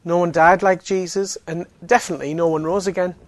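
Man, somewhat high voice, evangelistic talk, conversational, joking asides. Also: steady tone, a little fast. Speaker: Alpha course speaker.

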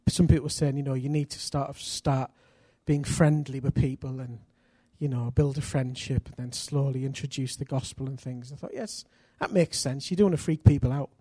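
A middle-aged man from England, preaching a sermon full of personal stories, energetic and self-deprecating with bursts of loud emphasis. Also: medium pitch, normal speed, hardly any pauses, slightly rough, no echo, clean studio sound.

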